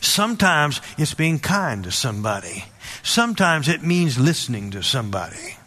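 A man's voice: fairly high pitch, sing-song, normal speed, bright, forceful tone. A man preaching a sermon, telling a personal story with frequent restarts and emphatic calls to listen. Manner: storytelling, repeats words, emphatic asides.

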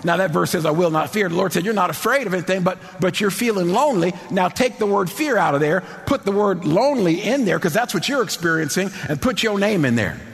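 A middle-aged man preaching a sermon in a church, impassioned, repeating phrases and shouting at the peaks. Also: sits high, expressive, quick pace, creaky, few pauses. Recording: long hall reverb.

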